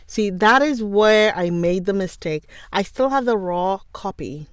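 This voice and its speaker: A young woman who grew up speaking Twi runs a livestream where she casually chats with viewers, greets them by name, and laughs often. Her expressive voice is on the low side and slow-paced, with studio quality and no room sound.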